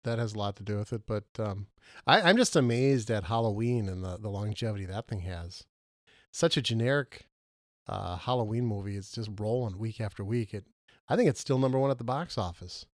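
A man co-hosting a casual movie podcast, questioning his partner and arguing his points with lively jumps in pitch. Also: fairly quick, no echo, clean studio sound. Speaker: podcast co-host.

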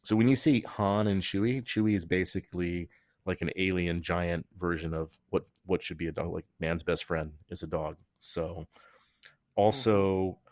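A man with a very low, deep voice hosts a podcast, talking in a loose, rambling, joking way that often trails off and restarts. The sound is close and dry, with no room sound around him. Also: moderate pace, darkish tone, dry recording. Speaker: podcast host. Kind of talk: casual chat.

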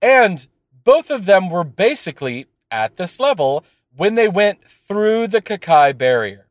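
A man's voice: sits high, unhurried, no echo. A man chatting casually on a podcast, rambling with lots of fillers and swearing as he rants. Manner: animated, profane, rambling with fillers. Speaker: podcast co-host. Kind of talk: casual chat.

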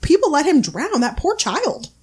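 A woman's voice: sits high, sing-song, moderate pace, a little mellow. A woman co-hosting a podcast in casual chat, joking and blurting crude asides. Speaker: podcast co-host.

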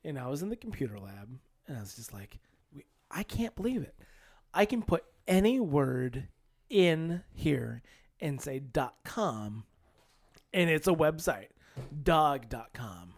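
A podcast co-host chatting casually, telling stories in an animated way and swearing freely. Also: medium pitch, a little slow, no echo. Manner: animated storyteller, swears casually, laughs often. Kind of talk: casual chat.

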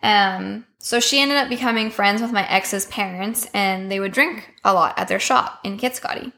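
A bright-voiced young woman telling a personal story on a podcast, casual and blunt. Her speech is loose and profane, full of "um" and "like", with a clear, forward tone. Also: mid-range voice, normal speed. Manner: candid, profane, heavy filler words. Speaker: podcast guest.

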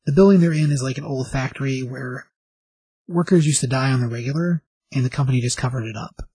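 Husky man casually recapping a story. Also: medium pitch, a little fast, mellow, no room sound, rough recording. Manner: rambling, informal, with fillers. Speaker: vlogger recapping a show.

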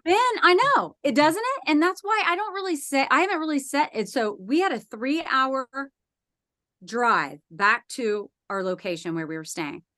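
A woman guest on a podcast, telling a personal story in a lively way and acting out the voices in it. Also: high voice, moderate pace, dry recording, clean studio sound.

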